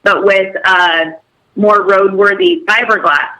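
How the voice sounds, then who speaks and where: A woman's voice: mid-range voice, fairly even intonation, slow pace, pushed and bright, rough recording. A woman guest on a radio show, telling her story in an upbeat, chatty way. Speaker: guest, hotel owner. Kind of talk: radio interview.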